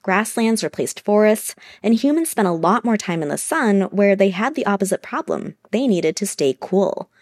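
A woman science reporter narrating a scripted radio news feature in a measured, explanatory way. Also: mid-range voice, expressive, a little mellow.

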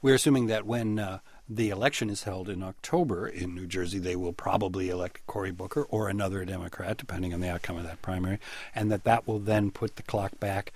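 Middle-aged podcast cohost guy, lowish voice, careful and precise, explains stuff step by step. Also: steady tone, fairly quick, darkish tone. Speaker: political podcast co-host. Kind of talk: casual political chat. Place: radio studio.

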